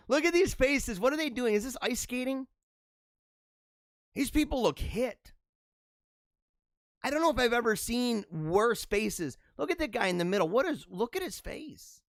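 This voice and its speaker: A man's voice: high voice, fairly bright tone, no room sound, clean studio sound. A man in his forties hosting a casual solo show, reacting to memes with jokey, chuckling asides. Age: 40s. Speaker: podcast host.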